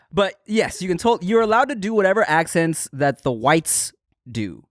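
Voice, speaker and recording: Podcast host, man, thirties, lively pitch, lots of laughs, dry mic. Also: measured pace, no echo. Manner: animated, laughing, slips into mock accents. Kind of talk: casual chat.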